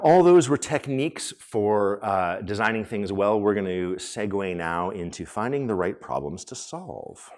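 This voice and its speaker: Lively low-voiced man giving a conference talk. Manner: animated, joking, lots of fillers like "um" and "like". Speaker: conference speaker. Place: conference hall.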